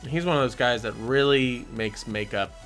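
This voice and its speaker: A man's voice: medium pitch, normal speed, a bit bright, faint music behind. A man hosting a casual film chat, enthusiastic and rambling. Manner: enthusiastic, rambling, restarts sentences. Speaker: podcast host.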